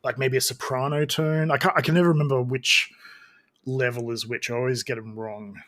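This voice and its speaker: A man's voice: mid-range voice, steady tone, fairly quick, fairly bright tone. A man co-hosting a podcast, chatting casually and rambling with lots of restarts and fillers. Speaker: podcast co-host. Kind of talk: casual chat.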